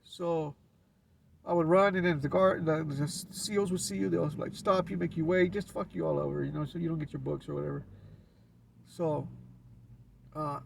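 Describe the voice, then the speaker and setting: Casting: LA man, gravelly and raspy, laid-back storyteller heard from off-mic. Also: on the high side, far from the mic, a little hiss or hum. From Los Angeles. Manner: laid-back street slang with frequent restarts. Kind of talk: casual storytelling.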